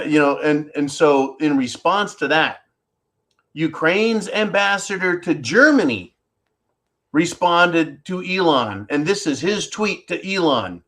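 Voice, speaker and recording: Speaking from inside a tropical home, this middle-aged channel host has a slightly high, a bit bright voice. His commentary monologue is profane and sarcastic, addressed directly to his viewers as "folks."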